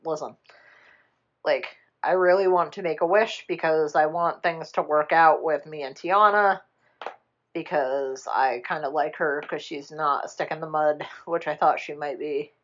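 A woman in casual chat, retelling a film plot in a rambling, animated way, jumping into quick character voices and swearing freely. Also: low voice, lo-fi sound. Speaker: podcast co-host retelling a film.

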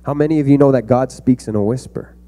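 Young guy preaching to a youth group, earnest and chatty, mellow voice, middle pitch. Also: fast. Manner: earnest, conversational preaching with fillers. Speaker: youth pastor. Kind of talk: youth sermon.

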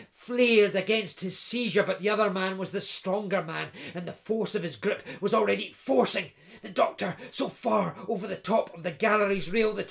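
A man's voice: high voice, vocal fry, a bit bright. A man narrating a thriller audiobook with vivid, dramatic storytelling that builds tension through action scenes.

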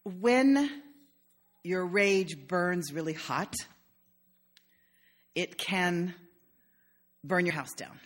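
A woman's voice: lowish voice, drawn-out words, long pauses. An older woman pastor giving a conversational sermon in a church, telling stories with humor. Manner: warm storytelling with humor.

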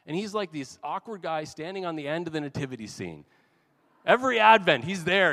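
A man's voice: a little high, very animated, a little fast, fairly bright tone. A man preaching a sermon as pastor, talking in a casual, conversational way with asides. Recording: long hall reverb.

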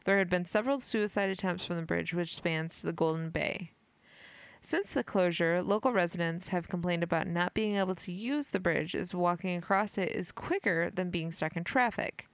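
Female podcast host, mid pitch, giggly, trips over words, dry sound. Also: moderate pace, smooth, dry recording. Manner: giggly, stumbles on words while reading. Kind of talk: casual chat, reading an article aloud.

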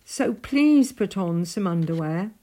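A woman's voice: on the low side, animated, a little slow, dark tone. A woman voicing a sly, teasing male weasel in a storybook reading, bossy and mocking.

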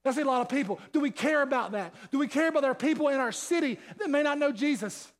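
A man's voice: very high-pitched, animated, quick pace. A male pastor preaching a sermon, fired up, firing off rhetorical questions and repeating himself. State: sweating.

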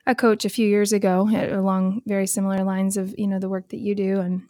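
A woman podcast host who listens with warm affirmations and talks in halting, restarting phrases. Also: mid-range voice, little pitch movement, no room sound. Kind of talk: casual podcast conversation.

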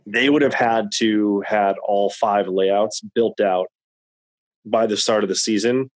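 A man with a lowish voice talks casually, rambling and circling back over his words. The sound is dry and close. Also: steady tone, takes it slowly, no room sound, low-quality recording. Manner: rambling, repeats words while thinking. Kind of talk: casual chat.

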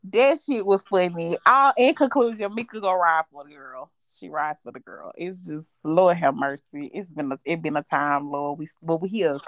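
A woman co-hosting a podcast, telling stories in casual chat, animated, profane and quick to laugh. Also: lowish voice. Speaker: podcast co-host.

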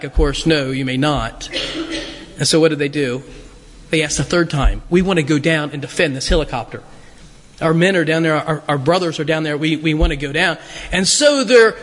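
A middle-aged male pastor preaching a sermon, halting and self-deprecating, with many restarts as he tells stories. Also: sits high, sharp tone. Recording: long hall reverb.

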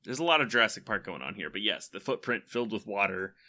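A man's voice: on the low side, lively intonation, quick pace, sharp tone. A young man co-hosting a podcast, chatting casually and enthusiastically, often laughing as he rambles. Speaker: podcast co-host. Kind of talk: casual chat.

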